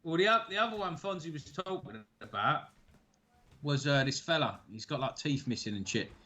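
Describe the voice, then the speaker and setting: A man's voice: a little high, expressive, moderate pace, pushed and bright, slight background noise. A man co-hosting a casual chat over beers, telling stories in a laid-back way and swearing freely. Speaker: co-host.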